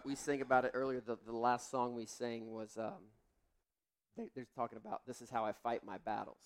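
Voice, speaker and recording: A young adult man, a pastor, preaching a sermon in a candid, conversational way through personal stories. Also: medium pitch.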